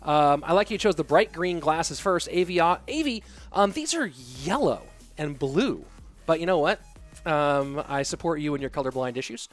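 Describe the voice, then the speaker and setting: A man hosting an esports stream, casting games in quick play-by-play and joking with the chat. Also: fairly high pitch, faint music behind. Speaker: esports caster and stream host. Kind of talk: live game commentary and chat reading.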